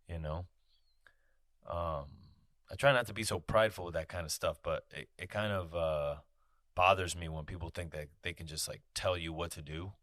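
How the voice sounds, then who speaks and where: A man's voice: low-pitched, brisk, a bit bright, no room sound, studio quality. A man hosting his own podcast, talking in a candid casual monologue, swearing freely and peppering his talk with "you know". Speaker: podcast host. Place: podcast studio.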